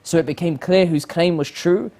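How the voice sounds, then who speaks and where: A man hosting a reflective religious talk, animated and acting out the voices he quotes. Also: a little high, moderate pace. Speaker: host.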